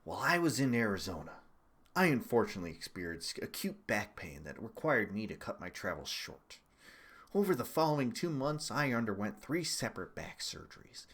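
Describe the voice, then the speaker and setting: A man's voice: on the low side, a little fast, slightly rough, full character voice. A man mimicking a stiff businessman statement. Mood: mock-formal. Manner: flat formal reading voice. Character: stiff middle-aged businessman reading a statement.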